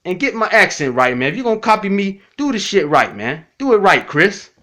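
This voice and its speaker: Bright-voiced man ranting bluntly. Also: high-pitched, very animated, fairly quick. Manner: blunt, repetitive, profane, addresses critics directly. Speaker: YouTube commentator. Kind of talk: casual response video.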